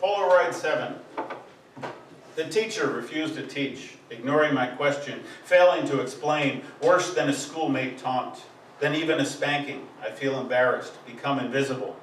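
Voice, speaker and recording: A man's voice: mid-range voice, moderate pace, slight background noise. Man reciting poetry in an echoey room. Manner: rhythmic, emphatic delivery of lists. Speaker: poet. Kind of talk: live poetry reading. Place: live poetry event venue. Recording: echoey room, distant mic, faint ambience.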